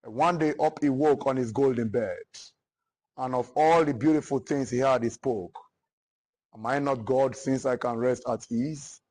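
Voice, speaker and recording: A man with a Nigerian English accent, a literature teacher retelling a long narrative poem to students and acting out the characters' lines. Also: darkish tone. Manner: dramatic storytelling, acting out the characters' lines with rising pitch and force.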